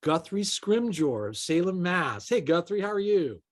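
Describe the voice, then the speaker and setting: Man, interview host, casual chatty talk, filler-heavy, slightly higher voice. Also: big pitch swings, unhurried. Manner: friendly, chatty, lots of fillers like "you know".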